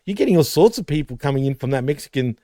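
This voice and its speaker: A man's voice: on the high side, lively intonation, rapid-fire, dark tone, no room sound, clean studio sound. A man hosting a casual podcast chat, laid-back, saying "dude" and reading viewer comments aloud. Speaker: host.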